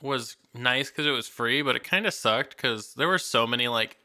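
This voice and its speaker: A man of average pitch with a bright voice rambles through casual podcast banter. He fills his talk with "like"s, casual swearing and dry sarcasm. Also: moderate pace. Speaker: podcast co-host. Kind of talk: casual chat.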